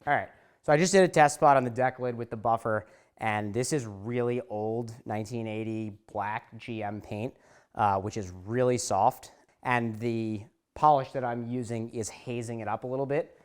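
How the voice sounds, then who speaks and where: A man talking to the camera in a garage, calmly explaining each step of polishing a car. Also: mid-range voice, normal speed, clean tone. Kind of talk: casual how-to talk to camera.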